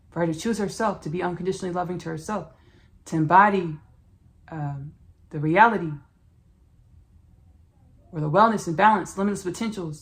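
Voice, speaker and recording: Woman podcast host with a gravelly low voice. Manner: relaxed, rambling, spiritual talk with restarts. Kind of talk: casual podcast intro and self-promotion.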